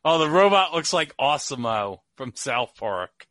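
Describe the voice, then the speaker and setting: Man, playful movie commentary, bright tone, dry close sound. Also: medium pitch, very animated, measured pace, no room sound. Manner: playful, chimes in with short agreements. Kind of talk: casual commentary over a film.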